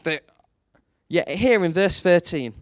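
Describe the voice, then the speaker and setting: A man preaching a sermon, telling a story and leaning on rhetorical questions, his voice jumping up high for emphasis. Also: takes it slowly, no echo, studio quality. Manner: storytelling, animated, rises sharply for emphasis.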